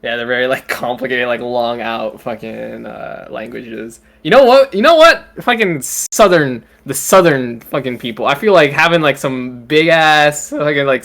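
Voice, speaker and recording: A man's voice: mid-range voice, moderate pace, hardly any pauses, a bit bright. Giggly, swearing young man. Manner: laughs easily, swears a lot, loose and rambling. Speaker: podcast co-host. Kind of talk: casual chat.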